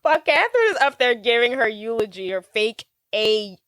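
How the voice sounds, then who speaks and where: American woman co-host, chatty, laughs often, very animated pitch, dry close mic. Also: moderate pace, no echo. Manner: chatty, laughing, acts out characters' lines. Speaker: podcast co-host. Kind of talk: casual movie recap chat.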